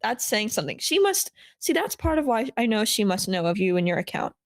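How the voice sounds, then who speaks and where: A woman of middle pitch hosts a casual podcast conversation. She is enthusiastic and full of praise, and her voice sounds dry and close. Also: very animated, fairly quick, no room sound. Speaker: podcast host.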